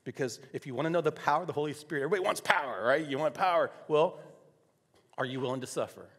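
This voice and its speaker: A man's voice: a little high, lively intonation, fast talker, slightly rough. Man preaching in a reverberant church. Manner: builds from soft storytelling to loud emphatic declarations. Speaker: pastor. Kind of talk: sermon with personal story. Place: church sanctuary. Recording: long hall reverb.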